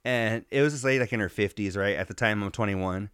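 A man's voice: lowish voice, quick pace, fairly bright tone, smooth, dry recording, studio quality. A man in his thirties co-hosting a podcast, telling profane stories in casual chat. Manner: profane, storytelling, says "dog" a lot. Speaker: podcast co-host.

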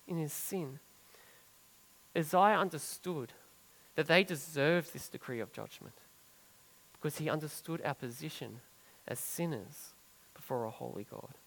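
A man preaching a sermon as pastor, earnest, building up for emphasis and then dropping soft and low on key phrases. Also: long reverb tail, rough recording.

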